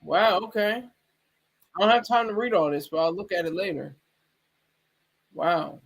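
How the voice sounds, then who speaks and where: A man's voice: high voice, fairly even intonation, a little slow, vocal fry, fairly bright tone. A man giving casual livestream commentary, rambling, restarting sentences and talking back to his chat. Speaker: streamer.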